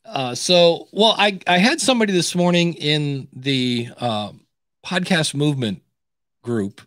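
A man's voice: fairly high pitch, expressive, unhurried, fairly bright tone, no echo, clean studio sound. A middle-aged American man co-hosting a podcast, telling rambling stories and acting out the dialogue he quotes. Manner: rambling storyteller who acts out quoted dialogue. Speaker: podcast co-host. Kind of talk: casual podcast chat.

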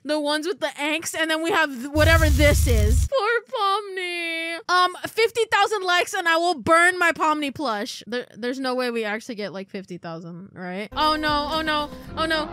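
A young woman hosting a reaction video, chatting casually in an excitable way, often laughing and squealing. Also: high voice, normal speed. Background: music from the clips.

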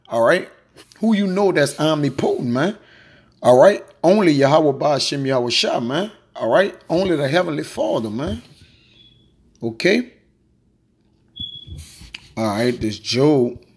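A man teaching a quick, informal scripture lesson, reading verses aloud and peppering his talk with "man" and "all right". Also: medium pitch, a little mellow, breathy edge. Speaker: Bible teacher.

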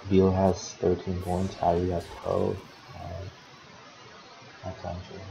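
His voice is low-pitched, gravelly and monotone, and he takes it slowly while casually calling play-by-play of a simulated basketball game as his team's sim-league manager. He swears often and grumbles at his players. Background noise runs through the dull lo-fi recording.

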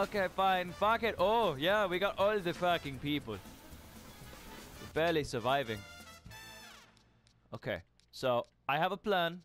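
A young man narrating his own game in a loose, profane, exasperated way. His voice sits a bit high and leaps about with every setback, and soft music plays behind. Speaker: gamer. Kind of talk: casual let's play commentary.

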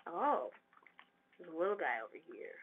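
A gamer giving casual, excitable commentary over their own gameplay and trash-talking opponents. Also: mid-range voice, moderate pace, breathy edge. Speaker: gamer narrating own play. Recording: tinny lo-fi mic with faint hiss.

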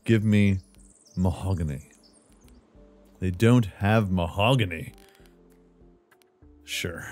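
Laid-back gamer guy with a deep-ish mellow voice, goofing around and chatting to himself while he builds. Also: lively intonation, a little slow, long pauses, faint music behind. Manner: playful, talks to himself, jokey asides like "brother". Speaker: gaming channel host. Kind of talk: casual let's-play commentary.

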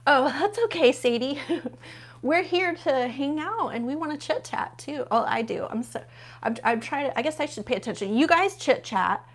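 A chatty woman hosts a relaxed live stream from home. Her voice sits a little high, and she gushes over each new find while chatting with her viewers. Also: normal speed. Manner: gushing, chatty, talks to viewers while flipping pages. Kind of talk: casual live unboxing chat.

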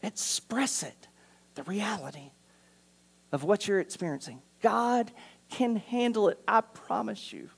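A man pastor preaching a sermon in a church, earnest, moving from urgent appeals to hushed, quiet passages. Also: high voice, lively intonation, unhurried, creaky, breathy edge. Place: church sanctuary.

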